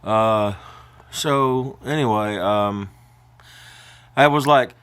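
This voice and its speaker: A man's voice: medium pitch, a little slow, long pauses, fairly bright tone. An older man vlogging in a casual, rambling way, emotional and prone to choking up as he talks.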